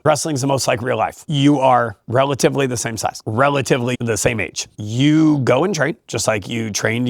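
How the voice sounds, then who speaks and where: A man who coaches high school wrestling, talking in a relaxed interview in an emphatic, motivational way and laughing often. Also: creaky, no room sound, clean studio sound. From California. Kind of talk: casual interview talk.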